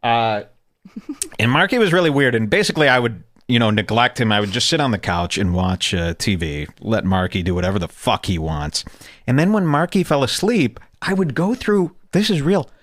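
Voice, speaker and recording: A young man riffing through crude, comic stories on a podcast, his pitch swinging widely as he tells them. The sound is dry and close to the mic, and he often drops into silly put-on voices. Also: big pitch swings, moderate pace, no room sound. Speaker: podcast host. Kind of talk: casual comedic storytelling.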